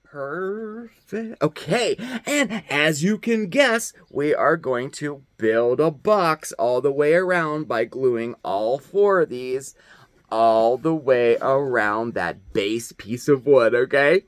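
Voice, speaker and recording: A man's voice: mid-range voice, expressive, slow, no room sound. A man hosting a casual DIY craft video, chatty and upbeat, often checking in with "okay?". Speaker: host.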